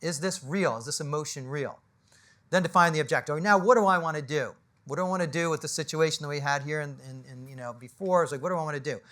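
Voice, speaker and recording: An animated male business coach holds forth at a live panel event, his voice bright and sitting a touch high. He speaks in short, punchy bursts full of rhetorical questions. He keeps checking in with the room with a quick "right?". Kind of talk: motivational talk to a live audience. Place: indoor event space with an audience.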